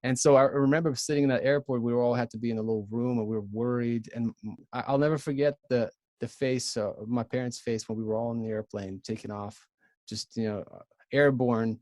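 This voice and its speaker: A man in his thirties from Ukraine with a Ukrainian accent, a podcast guest telling his story in an earnest, halting way with many restarts. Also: mid-range voice, steady tone, darkish tone, no echo, clean studio sound. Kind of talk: casual storytelling.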